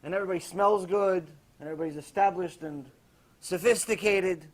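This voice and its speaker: Brisk and high-pitched, this rabbi delivers a sermon built around a story. He gets animated, performing the voices of the people in it as he quotes them.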